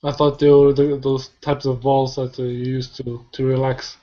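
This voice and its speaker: A man's voice: mid-range voice, little pitch movement, normal speed. A man chatting casually and joking on a group call. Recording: muffled online call audio.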